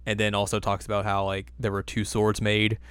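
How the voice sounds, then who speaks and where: A man co-hosting a casual podcast, playfully recapping an anime episode and slipping into quick silly character voices. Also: on the low side, completely flat delivery, fairly bright tone, clear, resonant tone, dry recording. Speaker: podcast co-host.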